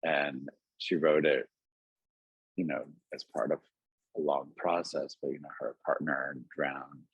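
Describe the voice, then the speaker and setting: A man talking gently and reflectively as a guest author on a video call, musing aloud with many "like"s and "you know"s. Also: extremely low pitch, fairly even intonation, measured pace, husky, no echo. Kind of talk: reflective conversation. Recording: dull lo-fi webinar audio.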